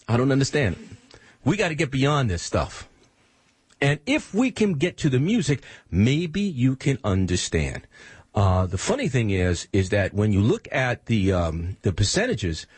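A man's voice: mid-range voice, slightly rough, dry recording. A man hosting a radio show, talking in an emphatic, preachy monologue full of rhetorical questions. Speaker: radio host.

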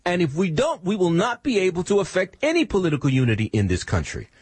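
A man's voice: high-pitched, big pitch swings, fast talker, breathy edge, no echo. A man hosting a radio show, talking in an emphatic, preachy monologue full of rhetorical questions. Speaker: radio host.

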